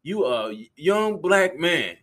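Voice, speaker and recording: A man's voice: a little high, sing-song, slow pace, a bit bright. A man in casual chat, telling a story with a lot of laughter and animation, often repeating his phrases.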